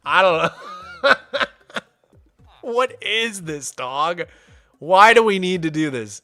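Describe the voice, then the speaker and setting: A young man chatting casually while hosting a game stream, excitable and playful, greeting viewers by name. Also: high voice, slow pace. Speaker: livestreamer and server host.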